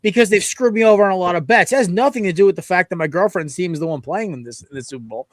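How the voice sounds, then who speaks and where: A man co-hosting a sports podcast, talking in animated, blunt banter and swearing freely. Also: high-pitched, rapid-fire, no room sound, clean studio sound. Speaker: podcast co-host.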